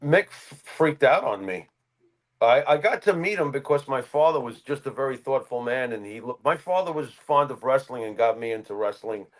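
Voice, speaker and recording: A man's voice: mid-range voice, normal speed. A man co-hosting a wrestling podcast, telling a personal story in casual chat. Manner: animated anecdote teller. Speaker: podcast co-host.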